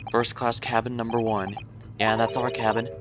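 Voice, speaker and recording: A man's voice: medium pitch, level tone, moderate pace, background noise. A male streamer reading game dialogue aloud in a chatty way, sometimes tripping over his words.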